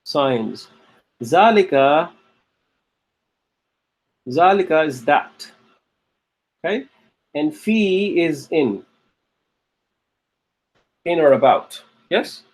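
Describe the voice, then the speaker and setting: Male teacher, somewhat high voice, patient, repeats points, keeps asking "okay?". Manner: repeats key phrases, checks in with "okay?" and "right?". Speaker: Arabic grammar teacher. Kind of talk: classroom lecture.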